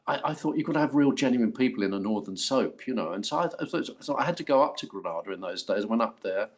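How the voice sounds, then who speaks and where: An older English actor telling stories in an interview, animated and full of restarts. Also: male voice, medium pitch, fast talker. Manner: animated storytelling with many restarts. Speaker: actor guest. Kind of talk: anecdotal interview.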